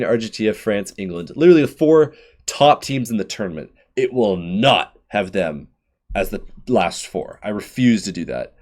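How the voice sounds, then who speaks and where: A man hosting his channel, casually thinking aloud through his bracket predictions with quick asides. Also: deep voice. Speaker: channel host.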